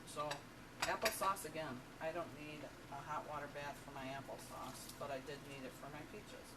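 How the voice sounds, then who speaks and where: Middle-aged home-canning host with a low voice, chatty and playful, recorded from across a noisy kitchen. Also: female voice, fairly even intonation, moderate pace, distant mic. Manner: chatty, talks while working, playful. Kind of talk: casual how-to demonstration.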